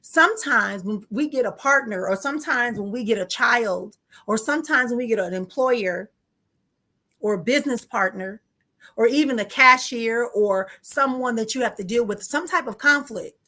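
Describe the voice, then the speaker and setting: A woman's voice: a little high, normal speed, bright, forceful tone. A woman giving a live spiritual teaching, talking straight to her listeners in an emphatic way, repeating key phrases and picking up speed when she gets heated. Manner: addresses listeners directly and informally.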